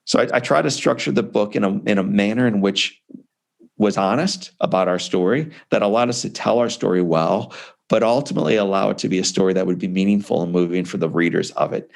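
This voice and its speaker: A man's voice: on the low side, a little fast, vocal fry. A man in his forties, an author and speaker, telling his personal story in an interview with emphatic, conversational energy. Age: 40s.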